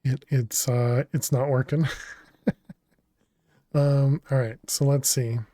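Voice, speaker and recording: Slow, easygoing male game streamer. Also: mid-range voice, dry recording, studio quality. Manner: chatty, thinks aloud and answers chat messages; laughs often, relaxed and unhurried. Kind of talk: casual gaming livestream commentary.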